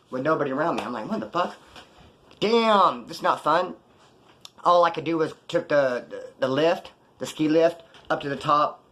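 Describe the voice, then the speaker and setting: A young man telling a story in a casual monologue, full of slang and swearing, acting out what people said. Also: mid-range voice. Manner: profane slangy street talk, animated retelling. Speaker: vlogger telling prison and post-release stories.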